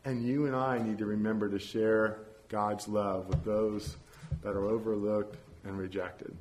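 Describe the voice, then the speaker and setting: A man's voice: lowish voice, little pitch movement, unhurried, a little mellow. Earnest male preacher in a church. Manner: earnest, with repeated phrases. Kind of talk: sermon with story reading and prayer.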